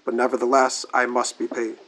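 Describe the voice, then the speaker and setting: Man reading a solemn angel of life, calm, slow, deliberate, mid-pitched. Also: close to an everyday voice, poor audio.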